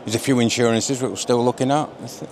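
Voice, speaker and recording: A man's voice: medium pitch, steady tone, quick pace, background noise. A man from Yorkshire with a Yorkshire accent, a show visitor giving short, plain answers. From Yorkshire, England. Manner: plain-spoken, brief answers. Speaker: show visitor and motorhome buyer. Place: busy exhibition hall.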